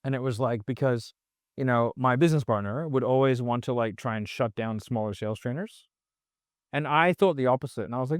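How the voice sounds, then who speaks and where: A mid-range, clear, resonant voice at normal speed belongs to a sales trainer guesting on a casual podcast. Recorded with clean studio sound and no room sound, he rambles bluntly, cursing and using "like" and other fillers heavily.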